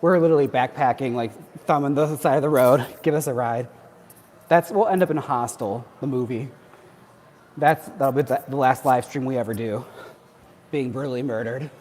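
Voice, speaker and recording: A Wisconsin man hosts a livestream while doing cardio, chatting and joking casually as he works out. His voice is medium-pitched and a little mellow, at a moderate pace, and he laughs often.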